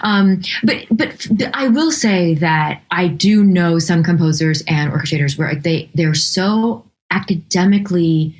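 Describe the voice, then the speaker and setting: Chatty woman composer, lowish voice. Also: unhurried, few pauses. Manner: animated, chatty, laughs often, many restarts. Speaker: guest composer. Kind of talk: casual interview chat.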